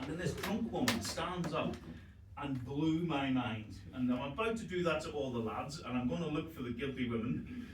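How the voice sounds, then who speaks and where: A man in his forties with an Irish accent, performing a stand-up comedy set and telling stories in an animated way, often laughing at his own jokes. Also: mid-range voice, moderate pace, background noise. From Ireland. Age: 40s. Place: live comedy venue. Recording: roomy live venue, mic far off.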